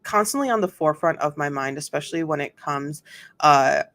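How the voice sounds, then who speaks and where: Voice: medium pitch, brisk, a bit bright. A host giving casual commentary on a court trial, chatty and full of fillers and asides, reading testimony aloud.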